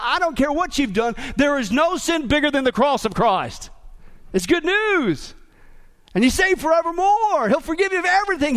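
A man's voice: very high voice, fairly bright tone. A man preaching a sermon in a joking, exclamatory manner. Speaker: pastor.

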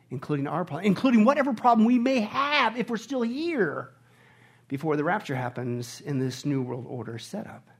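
A middle-aged male pastor preaching a sermon, animated and often shouting on his high points. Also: normal speed, breathy edge.

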